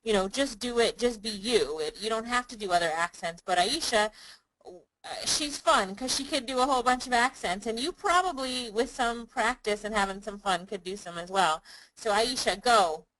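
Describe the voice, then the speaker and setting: A woman's voice: a little high, animated, normal speed, a bit bright, a little hiss or hum, rough recording. A woman hosting an interview, encouraging and enthusiastic toward her guest. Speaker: interview host. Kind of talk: casual interview.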